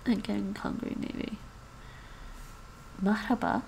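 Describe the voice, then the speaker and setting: On a language-learning livestream, a woman chats casually while practicing pronunciation, echoing words from an app and laughing a lot despite a sniffly cold. Her mid-range voice is animated, with vocal fry and a normal pace, and a faint hiss or hum sits in the background.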